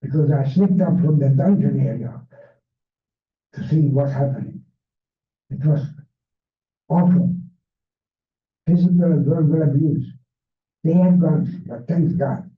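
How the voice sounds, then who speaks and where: An older man with a Hungarian accent, a Holocaust survivor giving a measured personal testimony talk with non-native grammar, his first language Hungarian. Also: on the high side, narrow, tinny audio. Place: library event room. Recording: echoey, distant, phone-thin sound.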